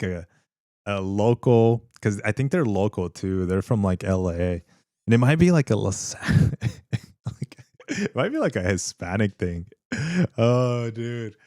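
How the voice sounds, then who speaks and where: A man from California hosts a relaxed livestream from home, with a voice that sits on the lower side. He rambles, restarts his sentences and laughs easily as he chats. The sound is dry and close, with no room echo. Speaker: livestream host. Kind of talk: casual livestream chat.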